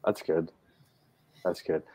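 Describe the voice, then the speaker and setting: A man's voice: slow, mellow. A man co-hosting a podcast, retelling a film in casual, profane chat. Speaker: podcast co-host.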